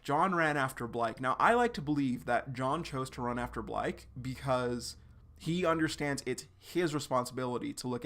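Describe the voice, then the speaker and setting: Young man, gravelly voice, mid pitch, casual slangy recap, lots of "like", live stream host. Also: fairly bright tone. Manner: loose, slangy, full of "like" and swearing. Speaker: streamer reacting to a webcomic.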